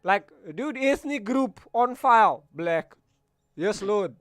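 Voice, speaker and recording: A young man with a South African accent, telling animated, laughing stories in casual chat on a stream. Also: high voice, slow pace, dry recording.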